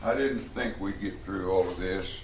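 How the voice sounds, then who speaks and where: This low-voiced preacher speaks at normal speed, giving a folksy, emphatic Bible study sermon. When quoting voices from his stories he acts them out loudly, in an echoey room with faint ambient noise.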